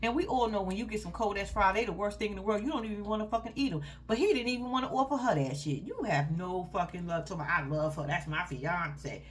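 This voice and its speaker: A woman's voice: medium pitch, quick pace, hardly any pauses, a little hiss or hum. A woman giving casual commentary on a reality show, blunt, heated and full of profanity, and talking straight to her viewers. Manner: addresses viewers directly as "y'all".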